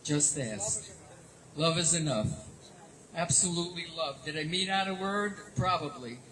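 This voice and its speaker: A woman's voice: deep voice, lively intonation, unhurried. An older woman giving a heartfelt, rambling tribute speech at a gathering, affectionate and effusive. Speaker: tribute speaker. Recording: noisy live event audio.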